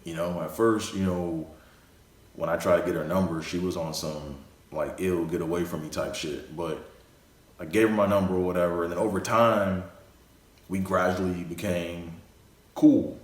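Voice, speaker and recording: A man's voice: sits low, steady tone, normal speed. A young man telling a casual story, rambling and full of fillers. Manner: rambling, full of "you know" and "like". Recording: echoey room.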